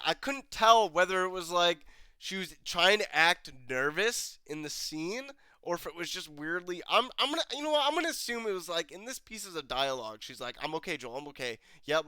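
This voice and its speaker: A man's voice: fairly high pitch, bright, forceful tone, clear, resonant tone, no echo. A man casually reviewing a TV episode, rambling with fillers and restarts, a bit stuffy-nosed from a cold. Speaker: TV review host. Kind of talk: casual commentary.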